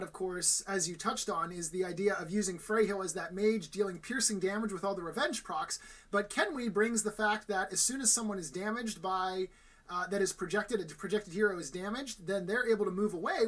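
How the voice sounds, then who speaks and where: A woman's voice: medium pitch, slightly rough. A woman commentating a live tournament match, upbeat and joking with her co-host. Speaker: game commentator.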